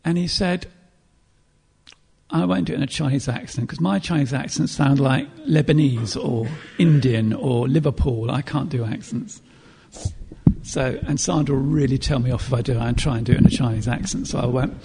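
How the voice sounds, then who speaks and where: A man preaching a sermon in an earnest, reflective way, pausing to clear his throat and restart phrases. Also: mid-range voice, mellow.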